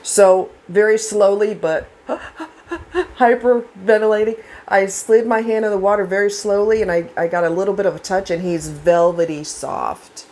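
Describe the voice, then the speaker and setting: The recording is rough, and the woman's mid-range voice moves at an ordinary speed. She's a vlogger sharing personal stories in a rambling, chatty style, using fillers and performing animated voices for the people in her tales.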